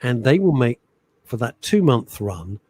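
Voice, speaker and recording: Husky, lively middle-aged radio host. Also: male voice, medium pitch, unhurried, low-quality recording. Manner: animated storyteller, sings jingles and little musical stings. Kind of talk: casual radio chat. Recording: radio studio.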